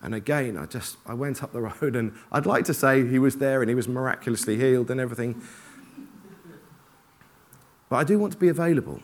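A man preaches to a congregation in a church, mixing scripture with personal anecdotes. He talks in an animated, self-deprecating way, often jumping into the voices of his own inner thoughts. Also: mid-range voice, fairly quick, pauses often. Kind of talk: informal sermon with personal stories.

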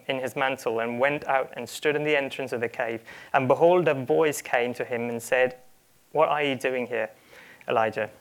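A male preacher delivers a sermon in an earnest, searching way, often stumbling over and restarting his phrases. His voice carries a gravelly edge at a middling pitch. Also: a bit bright. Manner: earnest, with frequent repeated starts and quoted asides.

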